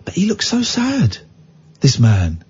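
A man's voice: a little high, takes it slowly, breathy edge. A radio phone-in host, a man, telling a story in casual talk-radio style and acting out the people in it. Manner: lively storyteller who acts out the people in his stories. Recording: dull lo-fi radio broadcast.

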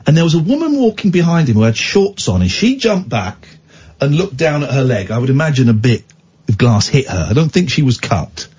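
Husky man telling a lively story. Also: medium pitch, fairly quick. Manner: lively storyteller who acts out the people in his stories. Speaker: radio phone-in host. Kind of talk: casual talk radio storytelling. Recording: dull lo-fi radio broadcast.

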